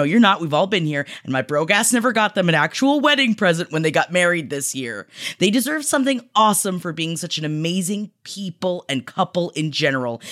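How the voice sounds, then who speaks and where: A woman hosting a podcast, reading listener shout-outs in a gushing, emotional way, teary and laughing. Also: fairly low pitch. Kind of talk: casual podcast chat.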